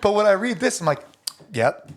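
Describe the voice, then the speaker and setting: A man's voice: fairly high pitch, expressive, brisk, vocal fry. A man hosting a podcast in casual chat, enthusiastic and full of friendly banter. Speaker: podcast host.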